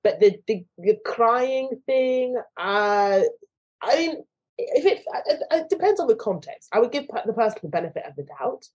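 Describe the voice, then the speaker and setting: A woman's voice: on the high side, animated, normal speed, a little mellow, lo-fi sound. A woman being interviewed, speaking thoughtfully and acting out the voices of people she quotes. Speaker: guest. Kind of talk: conversational interview.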